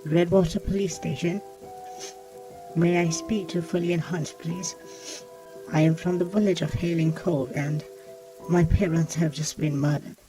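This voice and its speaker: A man's voice: a little high, fairly even intonation, unhurried, long pauses, over music, voice pushed up, lightly acted, poor audio. A man voicing a frightened nine-year-old boy calling the police, his voice quaky and wavering.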